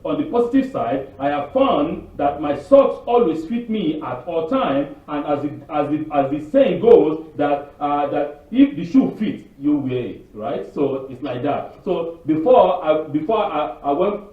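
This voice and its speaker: A man gives a loose, rambling sermon in a high voice, asking questions and answering them himself. He acts out the people he quotes with sudden leaps in pitch. He is heard from far off in a very echoey room, through a thin, phone-like line. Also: lively intonation, measured pace, few pauses. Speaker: spiritual leader giving a weekly Torah talk. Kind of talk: informal sermon. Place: Canada.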